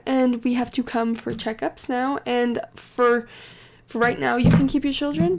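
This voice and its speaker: A woman's voice: fairly high pitch, vocal fry. A woman voicing a stern village priest.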